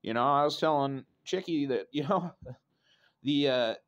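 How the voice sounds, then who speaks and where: A man's voice: on the high side, moderate pace, muffled recording. A middle-aged man from Idaho telling a personal story in a casual, rambling way, swearing freely and tagging lines with "right?" and "you know.". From Idaho, USA.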